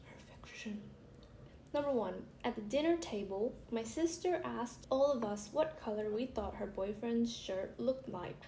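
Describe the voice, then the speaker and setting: A young woman vlogger chatting casually and reading funny stories aloud while she does her make-up, giggling and trailing into soft asides. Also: fairly high pitch, unhurried. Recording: echoey room with faint background hiss.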